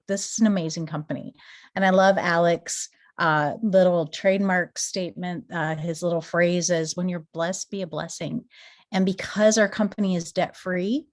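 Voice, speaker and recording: A woman in her forties from Minnesota, giving an earnest, emotional testimony as a guest speaker and rising into excited rhetorical questions. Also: lowish voice. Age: 40s. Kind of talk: motivational company testimony.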